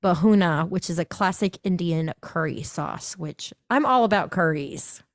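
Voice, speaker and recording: A woman with a fairly low voice hosts a casual podcast chat. She reads menu items aloud in a chatty way. The sound is dry, with no echo. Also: a little slow. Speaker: podcast host.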